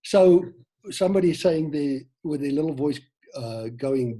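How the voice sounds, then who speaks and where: A South African man running an online sales training session over a video call, lively, acting out quoted lines and questioning his audience. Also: mid-range voice, a little slow, slightly rough. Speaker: team trainer.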